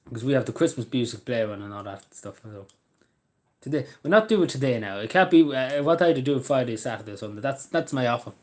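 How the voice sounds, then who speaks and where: A man's voice: medium pitch, darkish tone. A man vlogging in a rambling, casual way, swearing freely and drifting between topics. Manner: meandering, swears freely, laughs at own jokes. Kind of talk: rambling casual live chat.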